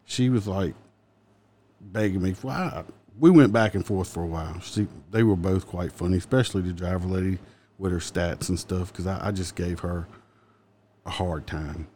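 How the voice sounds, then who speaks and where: A man's voice: deep voice, normal speed, warm tone, slight background noise. A man with a Southern accent, a police officer, telling wry stories from his work in a casual chat and laughing at his own jokes.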